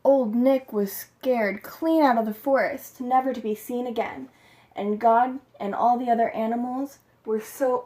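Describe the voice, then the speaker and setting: A woman's voice: a little high, a little mellow. A woman telling a folktale in a plain, homespun way for a storytelling class. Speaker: student storyteller.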